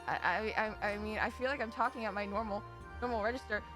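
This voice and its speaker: A young woman streaming a game live, chatting casually with her viewers; giggly and animated, and she swears freely. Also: mid-range voice, fast, over music.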